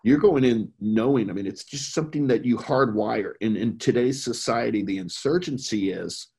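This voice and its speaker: A man's voice: mid-range voice, moderate pace, vocal fry, darkish tone, breathy edge. A middle-aged man from the United States talking casually and earnestly, emphatic and rambling with restarts. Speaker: podcast guest, veteran who worked overseas. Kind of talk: casual conversation.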